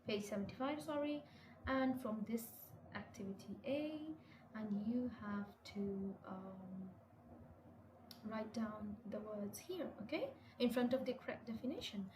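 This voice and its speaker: A woman with a slightly high voice walks learners through textbook exercises, repeating and rephrasing each instruction and correcting her own slips. Her voice rings in an echoey room, with clear noise underneath. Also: lively intonation, unhurried. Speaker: English teacher. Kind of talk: classroom lesson walkthrough.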